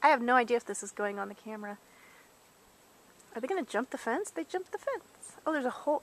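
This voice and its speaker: Woman, slightly high voice, chatty and rambling, camcorder mic. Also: animated, quick pace, pauses often. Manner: rambling, talking on the phone at the same time. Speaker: vlogger filming wildlife. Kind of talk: casual chatty narration while filming. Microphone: handheld camcorder built-in mic.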